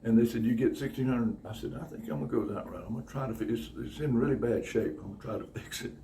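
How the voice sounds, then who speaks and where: A man telling casual stories in an animated, profane way, acting out other people. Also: rapid-fire, gravelly. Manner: animated, profane, acts out other people's voices with big pitch jumps and laughter. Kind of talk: casual anecdotal storytelling. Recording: slightly distant mic with faint room noise.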